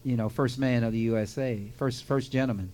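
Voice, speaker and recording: A man's voice: medium pitch, fairly even intonation, brisk, darkish tone. A man hosting a radio show in casual chat, joking and repeating words for emphasis.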